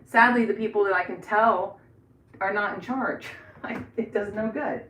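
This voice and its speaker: A woman's voice: mid-range voice, normal speed, fairly bright tone, slight background noise. Middle-aged woman host, casual rambling live chat, heard from a little away in an echoey bathroom. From Florida. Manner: chatty, rambling, laughs often. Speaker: livestream host. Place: indoors in a bathroom. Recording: echoey room, voice from some distance.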